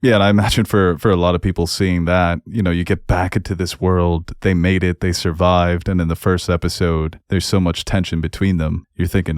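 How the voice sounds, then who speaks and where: A man with a very low voice chats casually as a podcast co-host reviewing a TV episode. He laughs a lot and swears freely. The mic is close and the sound is dry. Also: a little fast, few pauses, a little mellow, dry recording.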